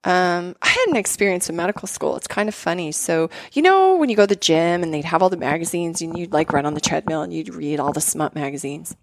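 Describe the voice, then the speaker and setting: A woman's voice: on the low side, quick pace, few pauses. A woman in casual conversation, telling stories animatedly with lots of fillers. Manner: animated storytelling with many fillers.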